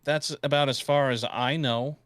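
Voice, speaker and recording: A man's voice: medium pitch, fairly even intonation, moderate pace, fairly bright tone, clear, resonant tone. A man role-playing his character in a tabletop game, joking and crude, talking with a put-on New York accent. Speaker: player.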